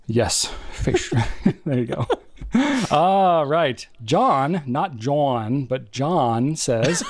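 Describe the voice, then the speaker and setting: A man co-hosting a podcast who rambles and thinks out loud, circling back on himself. His voice sits at a middling pitch, recorded dry and close in a studio. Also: lively intonation, drawn-out words, dry recording. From New England. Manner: rambling, thinks aloud with restarts. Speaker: podcast co-host. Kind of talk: casual chat.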